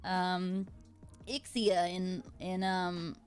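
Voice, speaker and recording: A woman's voice: on the low side, level tone, extremely slow, clear, resonant tone, soft background music. An American woman, a voice actor, hosting a casual interview, asking questions in a bubbly, encouraging way and giggling often. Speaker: host, voice actor.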